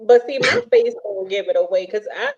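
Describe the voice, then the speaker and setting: A woman's voice: medium pitch, big pitch swings, brisk, muffled recording. A woman co-hosting a casual chat podcast, ranting bluntly and often restarting her sentences. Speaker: podcast co-host.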